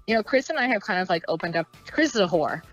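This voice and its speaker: A woman's voice: fairly low pitch, very animated, quick pace, dull audio, over music. Frank, giggly woman chatting. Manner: frank, giggly, lots of fillers and acted asides. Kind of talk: casual candid chat.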